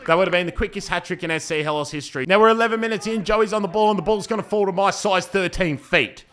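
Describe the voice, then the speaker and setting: A young man giving playful, joking commentary over his own amateur football match, breaking into excited shouts. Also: high voice, quick pace. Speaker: football commentator and team player.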